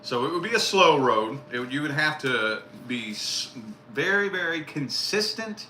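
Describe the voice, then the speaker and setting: A man's voice: fairly high pitch, lively intonation, moderate pace, bright, forceful tone. A man giving casual live tarot readings, blunt and profane, repeating his key phrases. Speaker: tarot reader. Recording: roomy echo with faint noise.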